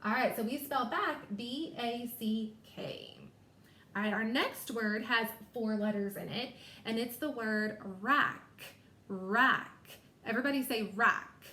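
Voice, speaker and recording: A woman teacher walks young readers through spelling, stretching each word into its sounds with slow, careful emphasis. Her voice sits a little high, and the recording carries a noticeable room echo. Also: sharp tone. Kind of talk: phonics lesson. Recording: echoey room.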